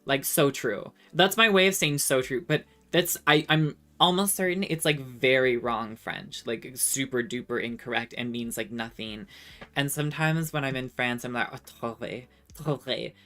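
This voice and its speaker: A woman's voice: extremely low pitch, moderate pace, a bit bright. A woman streamer in casual chat, reading viewer comments aloud, laughing often and trying out rusty French.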